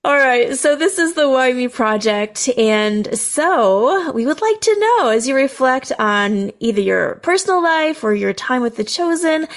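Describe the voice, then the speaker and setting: Woman podcast cohost, slow and giggly, kinda high voice. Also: creaky. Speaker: podcast co-host. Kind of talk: casual interview chat.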